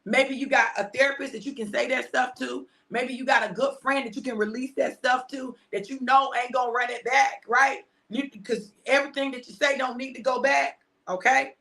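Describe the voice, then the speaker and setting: A woman pastor, preaching conversationally on a livestream, repeating phrases for emphasis and dropping to hushed tones. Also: high voice, steady tone, brisk, few pauses.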